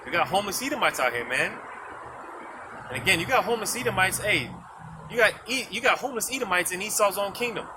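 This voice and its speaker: A man's voice: high voice, animated, fast talker. A man preaching outdoors on a street in a casual, repetitive way, often tagging his points with "man" and "you see". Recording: noisy outdoor street recording. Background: traffic noise.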